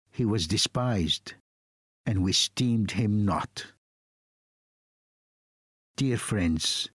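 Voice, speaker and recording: A man preaching a sermon, reading scripture in a solemn, measured way. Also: medium pitch, no echo, clean studio sound.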